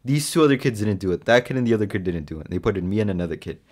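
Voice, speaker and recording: Young male podcast co-host with a lowish voice and a loose, swearing storytelling manner. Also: racing. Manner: storytelling, swearing, animated quoting. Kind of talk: casual chat.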